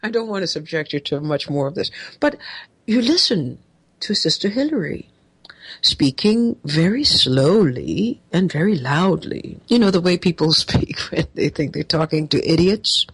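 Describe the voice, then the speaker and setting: A woman's voice: low-pitched, animated, normal speed, husky. A woman hosting a talk show, giving sarcastic, mocking political commentary.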